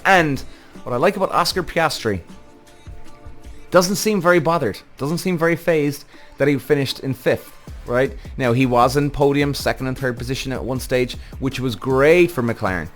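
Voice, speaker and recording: A man's voice: mid-range voice, expressive, normal speed, faint music behind. A man hosting a podcast, ranting heatedly with lots of swearing in casual commentary. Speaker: podcast host.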